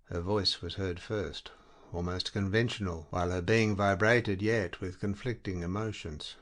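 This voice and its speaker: A man narrates a literary short story in a measured, deliberate reading. His voice sits somewhat low. The delivery is steady, with unhurried phrasing.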